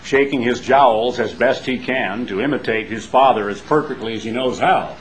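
A man with an American twang, an evangelist giving a broadcast sermon in a conversational preaching manner, slowing down to stress key phrases. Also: medium pitch, rough recording. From United States.

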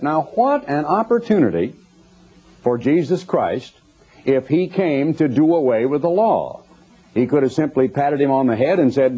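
A man's voice: mid-range voice, big pitch swings, normal speed, dark tone, husky. A man preaching a sermon, emphatic and quoting scripture, often putting rhetorical questions to his listeners. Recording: dull lo-fi recording.

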